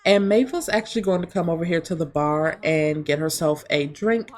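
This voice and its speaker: A woman's voice: deep voice, normal speed, a little mellow. A woman hosting a let's play, chatting casually to viewers as she narrates a life-simulation game. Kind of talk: casual gameplay commentary.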